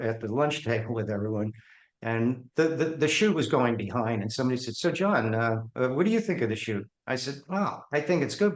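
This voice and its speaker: Man telling stories in an echoey room. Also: medium pitch. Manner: animated, acts out the voices in his anecdotes. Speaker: guest. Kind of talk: storytelling in an interview.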